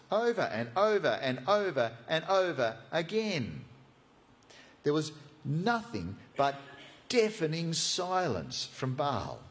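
Male preacher, sermon storytelling, lively and fairly high voice. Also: a little slow, long pauses. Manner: animated, playful, conversational asides. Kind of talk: sermon, storytelling a Bible passage.

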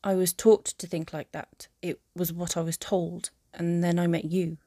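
A woman voicing a remorseful young male aristocrat wizard in a fan audiobook, speaking softly and haltingly. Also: on the low side, little pitch movement, dry recording, studio quality, natural voice. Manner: soft, halting confession.

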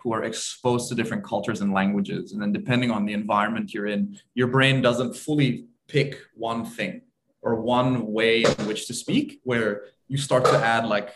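Thoughtful man explaining slowly. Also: on the low side, fairly even intonation, a little hiss or hum. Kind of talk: casual podcast chat.

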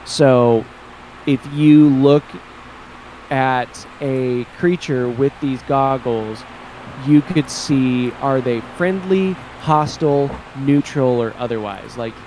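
A man co-hosting a relaxed gaming podcast, talking at an ordinary middle pitch. He rambles through his ideas, restarting sentences as he thinks them out. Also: takes it slowly, slight background noise, rough recording. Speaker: podcast co-host. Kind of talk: casual chat about tabletop games.

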